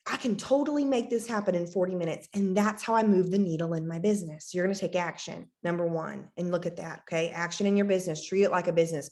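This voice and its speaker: A woman in her thirties giving an emphatic motivational talk to her team, repeating phrases and acting out quotes. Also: medium pitch. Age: 30s. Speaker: team leader giving a team call.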